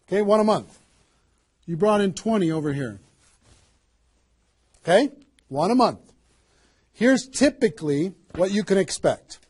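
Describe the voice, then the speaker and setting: A man giving a motivational seminar talk as a network marketing trainer, energetic and emphatic, firing rhetorical questions at a live audience. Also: sits high, measured pace, pauses often, husky.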